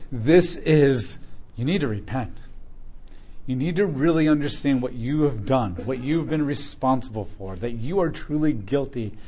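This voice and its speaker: A man's voice: medium pitch, darkish tone. A man reading a Bible passage aloud and stopping to explain it in casual, joking asides. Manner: reads scripture aloud, then comments casually with humor. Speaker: Bible teacher.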